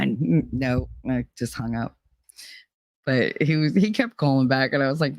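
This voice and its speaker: A woman's voice: rumbling low, lively intonation, normal speed, darkish tone, dry recording, studio quality. A woman hosting her own vlog, telling a personal story in a candid, profane way and acting out the people in it. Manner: candid, profane, acts out quoted dialogue. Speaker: vlog host.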